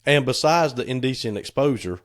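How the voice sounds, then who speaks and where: Telling stories on a casual podcast he co-hosts, this middle-aged man speaks in an expressive, mid-range voice and a fairly quick tempo. Quotes get acted out, and laughter breaks through whenever things turn funny.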